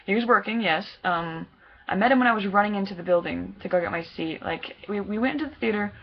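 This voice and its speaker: A young woman chats to her camera in an excited, rambling, gushing way. Her voice has a noticeable gravelly fry at mid pitch. The sound is dull and lo-fi, like a cheap home camera. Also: a little fast. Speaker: fan vlogger. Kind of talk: casual chat recounting a concert meet-up.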